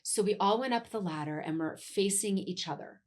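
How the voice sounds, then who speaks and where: A woman's voice: medium pitch, normal speed. A young adult woman, a podcast guest, animatedly telling a spooky story in casual chat. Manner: animated, acts out the voices in her stories.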